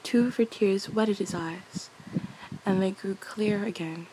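A young woman reads a fairy tale as a bedtime story, soft and casual, her voice at an ordinary middle pitch. She keeps a measured pace and laughs lightly at her own slips, with background noise audible.

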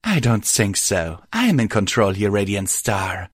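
A man's voice: fairly low pitch, big pitch swings, a little slow, husky, dry recording, studio quality, exaggerated voice. A man voicing a cruel female alicorn villain who mocks and gloats in a taunting manner.

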